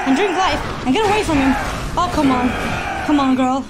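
A woman streaming a video game, reacting excitably with shouts and swearing. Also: high voice, brisk, loud music behind the voice. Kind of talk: live gameplay reaction.

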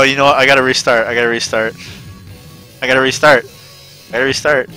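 A man's voice: medium pitch, fairly even intonation, fast talker, sharp tone, clear, resonant tone, faint music behind. A man streaming a video game, chatting casually, ranting and swearing a lot. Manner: profane ranting, swearing often. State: panicked.

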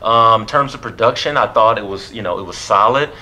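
A man's voice: on the low side, fairly quick, sharp tone. A man co-hosting a movie review, chatting casually, joking and laughing often.

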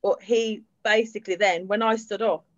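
A woman's voice: mid-range voice, moderate pace, no echo, lo-fi sound. A woman, candidly retelling her own experience at a public event. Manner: candid, steady retelling with fillers. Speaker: survivor sharing her story. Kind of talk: personal testimony at a public event.

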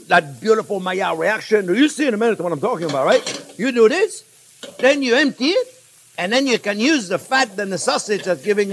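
A man hosting a casual cooking demonstration as a chef. He talks in an animated way, repeats phrases, chuckles, and calls his viewers friends. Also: high-pitched, a little hiss or hum. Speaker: chef, cooking show host.

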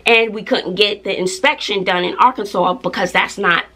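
A woman's voice: mid-range voice, moderate pace, pushed and bright. A middle-aged woman, chatting casually to her viewers in an emphatic way, repeating herself and often laughing. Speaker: vlogger, mother. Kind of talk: casual chat to camera.

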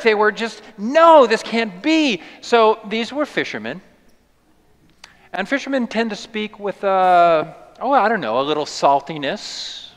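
Playful pastor, smooth higher voice in a reverberant church. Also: male voice. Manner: playful, animated storytelling. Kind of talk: sermon. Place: church sanctuary.

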